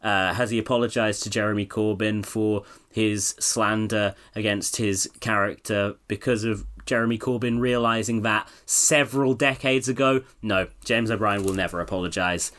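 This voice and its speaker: A man's voice: fairly low pitch, fairly even intonation, moderate pace, few pauses, a bit bright. A British man co-hosting a political podcast, talking in a sardonic, profane way and laughing often. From Britain. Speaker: podcast co-host. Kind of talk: casual political podcast chat.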